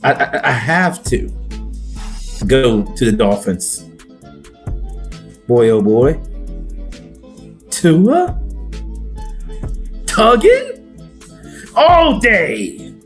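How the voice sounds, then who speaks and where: A man's voice: medium pitch, extremely slow, pauses often, faint music behind. A man talking as a guest on a sports podcast, in playful, exclamatory banter. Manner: animated and exclamatory, playful swoops.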